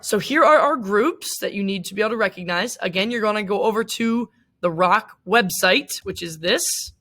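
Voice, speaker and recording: A woman's voice: mid-range voice, fairly bright tone. Chatty woman teacher, lots of ums. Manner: chatty, many fillers and asides. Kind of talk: casual recorded lecture with screen share.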